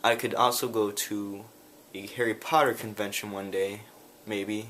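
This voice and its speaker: A man telling a rambling story in a casual vlog, talking in quick bursts. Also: lowish voice, level tone, a bit bright, a little hiss or hum. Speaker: vlogger.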